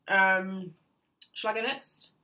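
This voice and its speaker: A woman's voice: medium pitch, fairly even intonation, slow pace, bright, forceful tone. A woman co-hosting a casual film podcast, enthusiastic and blunt, swearing casually. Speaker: podcast co-host.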